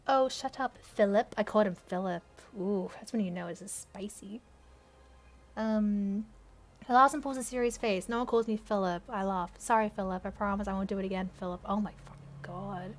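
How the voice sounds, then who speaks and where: A woman's voice: medium pitch, moderate pace, fairly bright tone. A young woman hosting her channel, reading her old story aloud with laughing, swearing, embarrassed asides, recorded on camera. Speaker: channel host.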